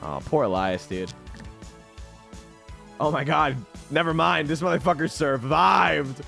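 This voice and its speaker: A man's voice: a little high, animated, a little slow, gravelly, sharp tone, soft background music. A young man narrating a tabletop game as game master, laughing often in a loose, profane way.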